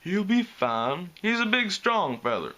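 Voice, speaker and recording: A man doing a slow-drawling big country stallion. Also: high voice, very animated, pushed and bright, pitched above the performer's own voice, full character voice. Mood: easygoing. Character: big easygoing country stallion, calm and sly.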